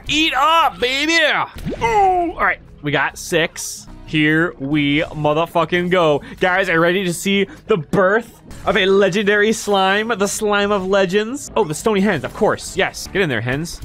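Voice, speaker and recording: An excitable young man narrating his gameplay, his fairly high voice leaping up and down as he swears and squeals with delight. Soft music plays underneath. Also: a little slow. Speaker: gaming streamer.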